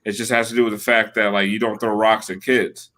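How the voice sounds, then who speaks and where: With a lowish, flat, fairly bright voice, this man in his thirties co-hosts a podcast and talks fairly quickly. His casual chat wanders through profane, rambling stories thick with "like."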